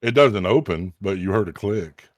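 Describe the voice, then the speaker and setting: Game master, male; deep-ish, steady, businesslike; dead dry mic. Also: normal speed, dry recording. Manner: matter-of-fact, calling out damage and rolls. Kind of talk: running a tabletop game.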